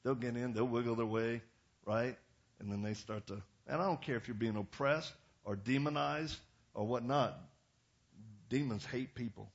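Middle-aged pastor, blunt and animated storyteller, speaks to the crowd in an even mid-range tone. Muffled, dull recording. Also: male voice, mid-range voice, moderate pace, slightly rough. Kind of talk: storytelling sermon.

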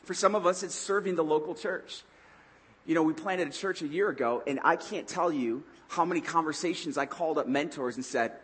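A young adult man preaching a sermon in an animated, conversational way, acting out his own lines as he tells a story. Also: a little high, a little fast, breathy edge. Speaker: pastor.

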